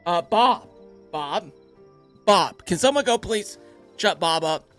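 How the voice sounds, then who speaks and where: A man putting on a flustered male game developer who speaks in a hushed, fretful way and keeps repeating himself. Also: high-pitched, lively intonation, slow, over music, pitched above the performer's own voice.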